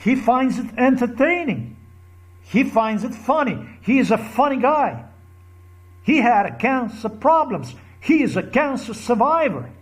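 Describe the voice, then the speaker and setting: A man's voice: very high voice, sing-song, a little slow. A man delivering an angry, repetitive monologue to camera, full of heated crude outbursts. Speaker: vlogger.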